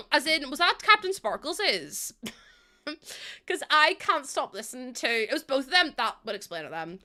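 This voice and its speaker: A woman's voice: a little high, pushed and bright. A woman in her twenties chatting casually on a live stream, rambling and laughing often.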